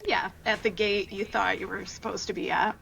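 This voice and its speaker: A woman's voice: mid-range voice, fairly even intonation, moderate pace, gravelly, poor audio. A woman guest on a podcast, chatting casually and playfully, laughing easily. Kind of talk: casual chat. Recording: loud background noise.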